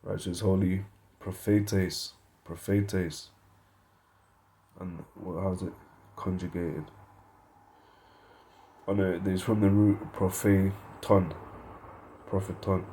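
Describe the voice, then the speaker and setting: A man with a low, mellow voice leads an informal Bible study, reading scripture and dictionary definitions aloud. He thinks out loud and corrects himself as he goes. A faint hiss sits under the recording. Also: level tone, takes it slowly, long pauses. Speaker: Bible teacher.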